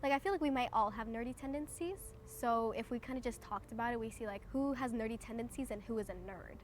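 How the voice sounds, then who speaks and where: A woman's voice: on the high side, quick pace, a little hiss or hum. A young woman on a reality game show, telling stories in a gushing, chatty way. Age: young adult.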